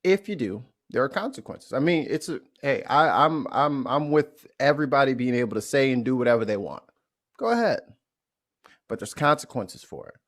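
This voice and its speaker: A man's voice: mid-range voice, expressive, normal speed, a bit bright. A man from St. Louis, a podcast interview guest, telling stories bluntly and profanely, often restarting his sentences. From St. Louis, USA. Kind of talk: candid storytelling in a podcast interview.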